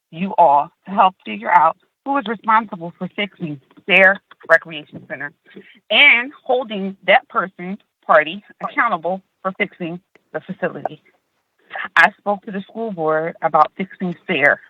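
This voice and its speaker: A woman policy advisor reading prepared public testimony over a phone call, earnest and steady with small restarts. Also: mid-range voice, normal speed, no room sound. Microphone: phone call from a car. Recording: tinny phone line, dry.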